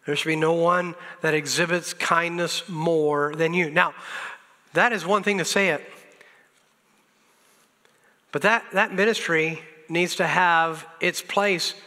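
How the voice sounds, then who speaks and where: In an echoing church sanctuary, a man delivers a sermon in a high, bright voice with fairly even intonation, taking it slowly with long pauses. His manner is earnest and exhorting; he repeats lines to drive them home and chuckles at his own self-deprecating jokes.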